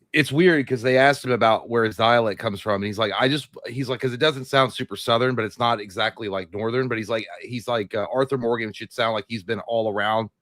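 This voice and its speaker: A man's voice: lowish voice, no room sound, studio quality. A man co-hosting a live movie show, chatting casually and acting out quotes as he tells stories. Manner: excited storyteller, acts out quotes. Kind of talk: casual chat.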